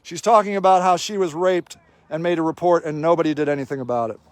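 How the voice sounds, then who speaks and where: A man's voice: a little high, fairly even intonation, quick pace, no echo. A man filming a livestream outdoors, giving indignant, sarcastic running commentary and swearing freely. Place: outdoor homeless camp in snowy cold.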